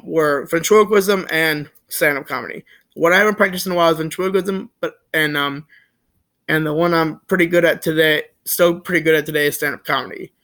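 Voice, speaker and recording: A young man with a high voice tells a story in a loose, rambling way. He keeps restarting his sentences and filling pauses. His retelling is joking and animated. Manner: rambling, full of fillers and restarts. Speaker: vlogger. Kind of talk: casual storytelling.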